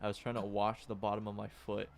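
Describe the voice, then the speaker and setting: A man's voice: lowish voice, monotone, quick pace, creaky, a little hiss or hum. A young man co-hosting a podcast, casually telling a story and laughing between lines. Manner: laughs while telling stories. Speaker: podcast co-host. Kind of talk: casual chat.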